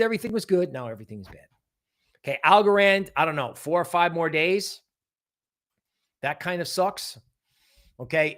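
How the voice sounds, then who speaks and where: A man's voice: high voice, fairly bright tone. A man hosting a livestream of crypto market analysis. He talks in a loose, rambling way and keeps adding "right?". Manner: rambling, conversational, often adds "right?"; mocks panicky traders in exaggerated voices. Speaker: crypto market show host.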